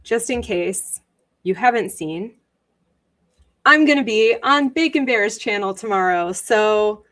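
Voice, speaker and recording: Woman doing a chill livestream, unhurried, lots of ums and little giggles, saying hi to chat. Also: medium pitch, expressive, fairly bright tone. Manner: chatty, greets viewers, giggles often, many ums. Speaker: livestream host.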